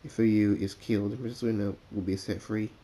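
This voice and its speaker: A man voicing a polite, sly male demon pony servant who speaks calmly and stumbles over words. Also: lowish voice, fairly quick, close to an everyday voice. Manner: courteous, calm, stammering.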